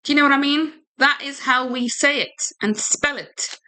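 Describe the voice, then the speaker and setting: A woman's voice: high voice, normal speed, sharp tone. A British woman hosting a casual livestream, chatty and rambling with a giggle and lots of fillers. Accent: British English. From United Kingdom. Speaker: livestream host.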